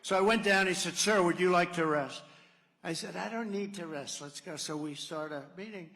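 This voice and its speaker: With a voice on the high side, touched by vocal fry and a bit bright, a political candidate rambles through a sarcastic rally speech, digressing into stories and acting out quotes. The large venue produces echoey hall reverb on the recording.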